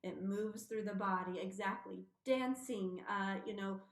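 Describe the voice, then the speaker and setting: A woman talks through her experiences on a radio show, acting out what people said to her. Her voice sits at an ordinary pitch. The room around her rings with echo. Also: measured pace. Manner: animated storyteller, acting out quotes. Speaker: guest, intuitive medium. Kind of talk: casual radio interview.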